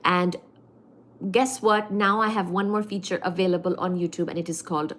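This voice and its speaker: A woman's voice: fairly low pitch, steady tone, moderate pace, fairly bright tone, slight background noise. A woman hosting a livestream, reading viewers' chat comments aloud and answering them in a playful, affectionate way. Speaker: livestream host.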